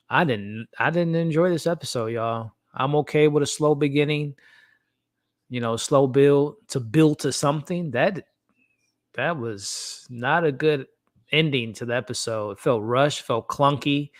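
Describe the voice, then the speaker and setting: A man hosts a live reaction stream, talking candidly and chatting straight to his viewers in the live chat. His voice is mid-range, captured in studio quality with no echo.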